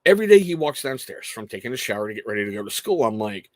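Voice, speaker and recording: A man in his thirties hosting a casual show, telling family stories in an animated way and laughing often. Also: mid-range voice, quick pace, few pauses, no room sound. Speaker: podcast host talking to chat. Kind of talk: casual chat.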